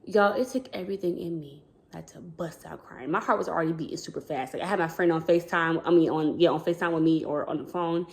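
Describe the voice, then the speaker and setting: A talkative woman vlogger tells her story straight to camera in a slightly low voice. She rambles and backtracks, and keeps turning to her viewers with "y'all". She often slips into acting out what people said to her. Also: fast, hardly any pauses. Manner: chatty, rambling, addresses viewers as "y'all", acts out quoted dialogue. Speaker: vlogger, school counselor.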